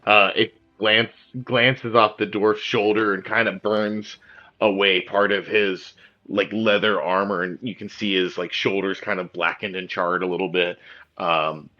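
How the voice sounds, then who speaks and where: Laid-back male game master, lowish voice, dull lo-fi sound. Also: a little slow. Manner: relaxed, filler-heavy descriptions. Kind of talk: narrating a tabletop game.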